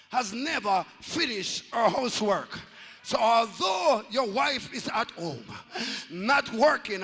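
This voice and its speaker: Male Pentecostal preacher, bright and gravelly, slow and deliberate, chanting and shouting his sermon. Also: very high voice, long reverb tail. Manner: shouted, sing-song preaching cadence that drops to hushed asides. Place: church sanctuary.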